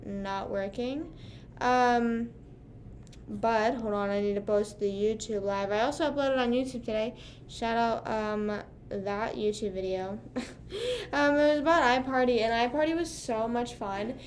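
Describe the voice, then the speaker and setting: A woman's voice: a little high, steady tone, unhurried, a little hiss or hum. A young woman under twenty-one chatting casually on a live stream, rambling with lots of fillers. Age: young adult.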